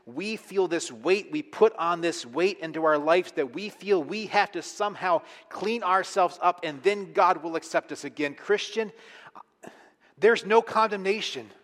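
A man preaching a sermon as pastor, emphatic, moving between hushed and forceful delivery. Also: on the high side, moderate pace, hardly any pauses. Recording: long hall reverb.

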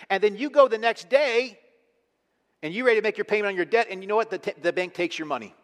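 A man preaching a sermon as pastor, emphatic, moving between hushed and forceful delivery. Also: high-pitched, fast. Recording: long hall reverb.

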